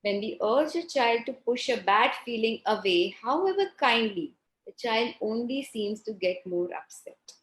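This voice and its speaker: A middle-aged woman leads a parenting workshop in a fairly high voice, turning to her listeners with questions. She acts out little exchanges between parent and child as she teaches. The sound carries the echo of a reverberant room. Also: lively intonation, a little slow, fairly bright tone. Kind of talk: live workshop lesson.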